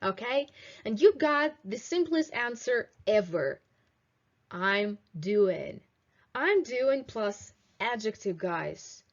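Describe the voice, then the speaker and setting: A young woman giving an English video lesson, modelling phrases slowly and clearly for her students. Her voice sits fairly high. The recording sounds dull and lo-fi. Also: expressive. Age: 20s. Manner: slow, clear teaching delivery with drilled example phrases. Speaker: English teacher.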